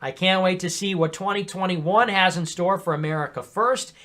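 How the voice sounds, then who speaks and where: A man on a podcast reading viewer messages aloud in a wry, deadpan way. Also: high voice, normal speed. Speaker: podcast co-host reading chat.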